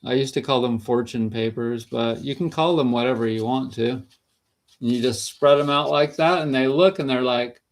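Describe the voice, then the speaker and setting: A man's voice: mid-range voice, normal speed. A man vlogging about natural health in a casual, rambling monologue, chatty and laughing between sentences.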